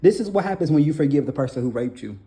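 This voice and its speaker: Halting, pleading young man with a mellow voice. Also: fairly high pitch, expressive. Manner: halting, repeats phrases, pleading and insistent. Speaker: documentary narrator telling his own story. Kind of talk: emotional personal testimony.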